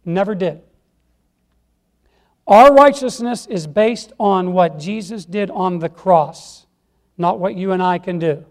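High-voiced man preaching folksy sermon. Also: slow pace, pauses often, a little mellow. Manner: folksy, emphatic, repeats phrases, asks "Amen?". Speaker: lay preacher. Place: church.

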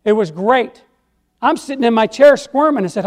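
High-voiced man preaching folksy sermon. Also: lively intonation, quick pace. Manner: folksy, emphatic, repeats phrases, asks "Amen?". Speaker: lay preacher. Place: church.

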